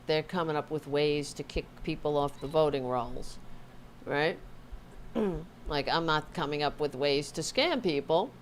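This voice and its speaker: A woman's voice: low-pitched, a little slow, slight background noise. A woman hosting a live-streamed political commentary show from home, sarcastic and rambling, with asides to her dog. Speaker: host of a political livestream.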